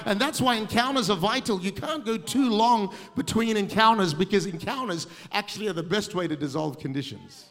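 Australian male preacher, high voice, energetic and self-deprecating, long reverb of a big hall. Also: brisk, hardly any pauses. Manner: energetic, self-mocking storytelling with humor. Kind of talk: sermon.

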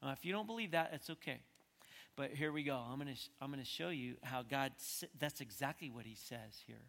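A man preaching a sermon as pastor. He talks conversationally and swings from quiet stretches to emphatic peaks. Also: mid-range voice, brisk, vocal fry. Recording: long hall reverb.

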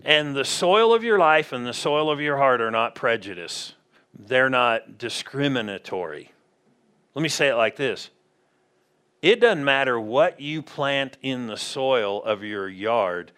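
A man's voice: medium pitch, lively intonation, unhurried, a bit bright, clean tone. A man preaching a conversational sermon in a church, often asking the congregation questions. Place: church sanctuary.

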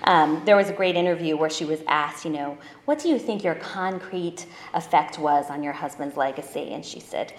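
A woman's voice: low voice, moderate pace, few pauses. Woman historian talking in an echoey room. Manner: conversational, many fillers. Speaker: author and historian. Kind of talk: informal talk.

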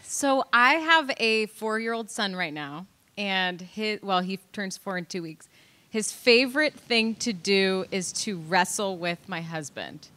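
A woman's voice: mid-range voice, lively intonation, unhurried, bright, forceful tone. A woman in her thirties, casually telling a family story with many fillers. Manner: chatty, lots of fillers like "like" and "you know". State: pregnant. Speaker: mother sharing a family story.

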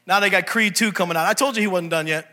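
Animated high-voiced preacher man. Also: fast talker. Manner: animated, jokey, quizzes the congregation. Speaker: pastor. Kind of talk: humorous sermon.

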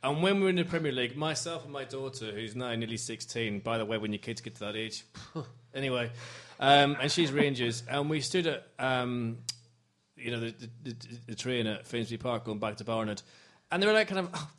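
A man's voice: medium pitch, lively intonation, a little fast, fairly bright tone. A man in his forties hosting a football podcast, bantering and speaking with passion. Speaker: podcast host. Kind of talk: casual chat, impassioned speech.

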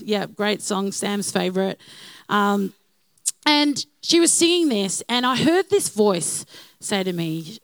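A woman's voice: mid-range voice, lively intonation, measured pace, clean tone, no room sound. A woman telling personal stories in a church talk, in a chatty way with many fillers. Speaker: church speaker. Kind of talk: sermon testimony.

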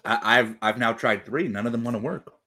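A drag racing announcer chatting on a video call through an old laptop's built-in camera, teasing dryly. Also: male voice, medium pitch, a little fast, sharp tone. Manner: dry, wry teasing. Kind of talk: casual chat. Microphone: old laptop built-in camera mic.

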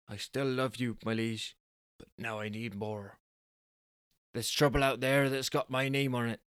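A restless husband craving danger, as a storyteller plays him, speaking in a hushed, low West Country voice. The sound is close and dry, and the earnest storybook tone stays quiet throughout. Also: male voice, fairly even intonation, measured pace, clean tone, dry recording, natural voice. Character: restless thrill-seeking husband, low and brooding.

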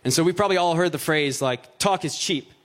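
A man's voice: on the high side, brisk. A man preaching a conversational sermon. He reads scripture aloud, then explains it in plain, joking asides peppered with "like" and "right?".

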